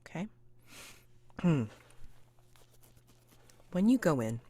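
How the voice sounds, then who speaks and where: Low-voiced woman running a tabletop game. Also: very slow, slightly rough. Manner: relaxed, chatty, with frequent fillers. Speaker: game master.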